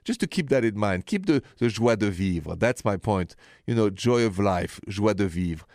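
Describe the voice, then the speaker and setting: Calm male radio host. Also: fairly low pitch, normal speed, dry recording, clean studio sound. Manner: calm, gentle advice with French phrases. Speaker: radio call-in show host. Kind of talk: relationship advice radio show.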